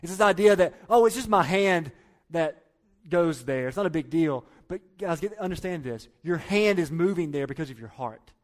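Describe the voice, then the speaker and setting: A man preaching a sermon, emphatic, repeating key phrases and dropping to quiet low lines. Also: expressive, moderate pace. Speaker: pastor.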